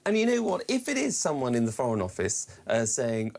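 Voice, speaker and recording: A man co-hosting a talk radio show, answering in a measured, agreeable way between the host's remarks. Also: mid-range voice, huge pitch swings, gravelly. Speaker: co-host. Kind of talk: casual talk radio chat.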